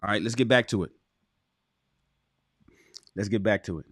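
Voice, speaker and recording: A man's voice: on the low side, moderate pace, slightly rough, no room sound, clean studio sound. A man hosting a livestream, reading aloud from a relationship book and breaking off into blunt, profane commentary aimed straight at his viewers. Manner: animated, profane, emphatic, addresses chat directly.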